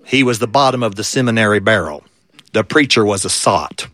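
A man's voice: lowish voice, expressive, a little fast, a bit bright, no echo, studio quality. A man from Kentucky, performing folk tales with a wry, folksy delivery. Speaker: storyteller.

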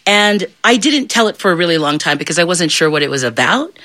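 Storyteller, middle-aged, live audience, playful, bright, lively pitch. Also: fairly quick. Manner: animated, playful, asks the audience questions.

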